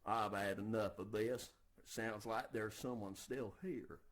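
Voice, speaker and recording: A woman voicing a gruff, protective father bear in a comic storybook telling, speaking in a booming, indignant way. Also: fairly even intonation, unhurried.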